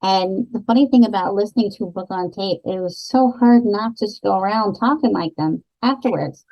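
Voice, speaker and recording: Woman co-host, easygoing book talk, mid pitch, a bit muffled lo-fi sound. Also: a little fast. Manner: relaxed, talkative, with fillers. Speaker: podcast co-host. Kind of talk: casual book chat. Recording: slightly dull lo-fi podcast audio.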